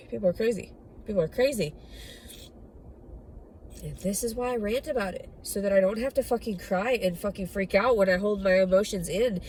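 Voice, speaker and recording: A woman's voice: mid-range voice, a little fast, a little mellow, a little hiss or hum. Woman ranting bitterly, mic at a distance. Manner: angry, profane, bitter. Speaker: vlogger. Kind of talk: emotional personal rant.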